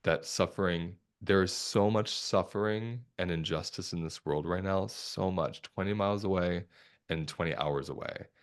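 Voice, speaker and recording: A man, a somatic therapist, talking as a guest in a podcast interview in a calm, reflective, measured way. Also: sits low. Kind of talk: conversational interview talk.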